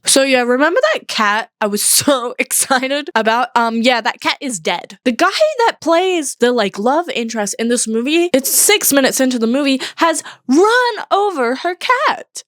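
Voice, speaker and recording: A young woman rants comically through a movie review. Her voice sits a little high and stays animated, sarcastic and quick to giggle. The sound is close and dry, with no room echo. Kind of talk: comedic movie review vlog.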